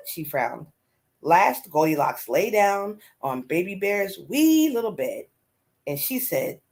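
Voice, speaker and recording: A woman reads a children's story aloud with an expressive, animated delivery. Her voice rises and falls a great deal and keeps an even middle pitch. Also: slow. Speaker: storyteller host.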